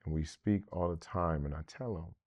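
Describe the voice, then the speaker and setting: A man hosting an interview, speaking in a calm, affirming, mentor-like way. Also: low-pitched, normal speed, no room sound. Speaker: podcast host. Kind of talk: interview conversation.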